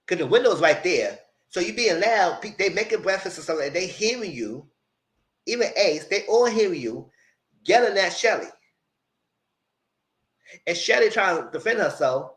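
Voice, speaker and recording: A man giving a casual, animated live recap of a reality show, full of quoted asides. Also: sits high, moderate pace, pauses often, rough recording.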